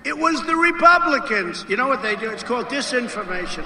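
A man's voice: extremely high pitch, sing-song, a little fast, sharp tone, a little hiss or hum. A man giving a rally speech in a rambling, repetitive way, full of emphatic asides. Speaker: political speaker. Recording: roomy, heard from a distance.

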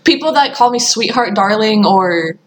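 A woman's voice: medium pitch, animated, moderate pace. A young woman chatting casually with friends, laid-back and frank about what bothers her.

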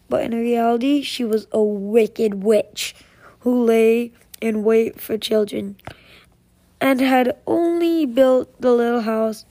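Slow, flat-voiced woman reading a fairy tale. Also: a little high. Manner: slow, measured reading with small slips and restarts. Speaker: storyteller.

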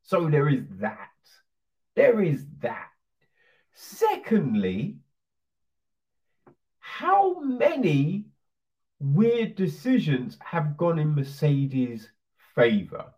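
Profane, heated ranter, slow and lively. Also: medium pitch. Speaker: commentator. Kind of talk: ranting opinion monologue. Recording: distant dull lo-fi sound.

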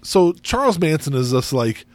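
A man co-hosting a casual podcast, talking in an animated way with casual swearing. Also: a little high, no echo. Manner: animated, swears casually, quick back-and-forth. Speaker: podcast co-host.

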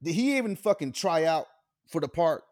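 A man's voice: a little high, lively intonation, moderate pace, a little mellow, no echo, clean studio sound. A man co-hosting a podcast, speaking bluntly with lots of profanity in casual chat. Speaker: podcast co-host.

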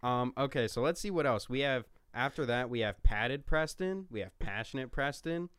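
A man's voice: mid-range voice, expressive, moderate pace, a bit bright, smooth. A man acting as the producer of a casual podcast, reading listener chat suggestions aloud with playful mock authority. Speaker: show producer.

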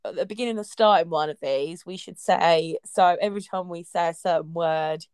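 A woman's voice: lowish voice, fairly quick, a little mellow, clean tone, no room sound. A young adult woman co-hosting a casual podcast with friends, laughing often and rambling with fillers. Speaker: podcast co-host. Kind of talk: casual chat among friends.

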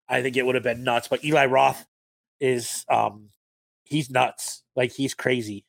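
A man's voice: medium pitch, fairly even intonation, unhurried, creaky, no echo. A man co-hosting a podcast, talking about movies with energy and plenty of swearing. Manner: enthusiastic, profane, quotes scenes in put-on voices. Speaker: podcast co-host. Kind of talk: casual film chat.

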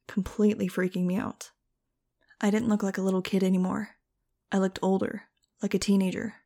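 A woman's voice: medium pitch, gravelly, mellow. A woman reading a first-person audiobook in a wry, casual storytelling manner. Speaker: audiobook narrator.

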